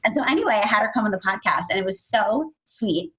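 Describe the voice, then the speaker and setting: Animated woman podcast co-host. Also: fast talker, low-quality recording. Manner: animated storyteller, acts out quotes in a high excited voice. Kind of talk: casual podcast chat.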